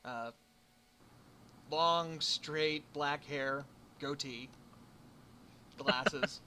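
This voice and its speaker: Bright-voiced man running a tabletop game. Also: on the high side, very slow, slight background noise. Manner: casual, laughing, hesitant narration. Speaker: game master.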